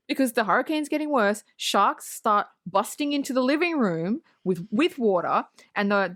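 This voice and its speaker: A woman co-hosts a podcast, casually recapping a movie's plot while tossing in sarcastic asides full of swearing. Her voice sits in the mid-range with a slightly bright quality.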